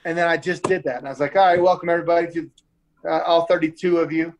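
A man's voice: a little high, steady tone, fast talker. A man telling a long story in casual podcast chat, laid-back and slangy, with lots of "like" and "dude" and frequent repeats. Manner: rambling storyteller who repeats himself. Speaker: guest storyteller.

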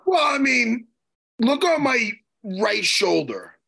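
High, gravelly, animated man teasing. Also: slow pace. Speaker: co-host. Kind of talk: casual podcast chat.

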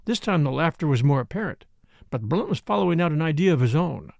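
A man reading a novel aloud in a measured, expressive narration. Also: a little high, vocal fry, no echo. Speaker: audiobook reader. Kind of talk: scripted narration.

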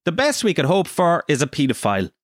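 A man's voice: on the high side, wildly swooping pitch, quick pace, dry recording, clean studio sound. An Irish man from Kerry hosting a podcast, telling a comic story in a profane, self-deprecating way. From Kerry, Ireland. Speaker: podcast host.

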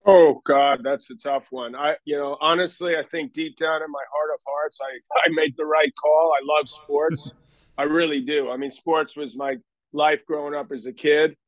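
A man's voice: on the high side, steady tone, moderate pace, dry recording, low-quality recording. An older man telling stories in a casual interview, rambling and self-deprecating with many restarts. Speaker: guest.

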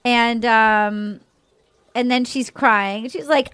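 High-voiced woman recapping a show. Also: fairly even intonation, slow pace, a bit bright, clear, resonant tone, no room sound. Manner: retells scenes acting out quotes. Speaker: podcast co-host. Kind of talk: casual recap chat.

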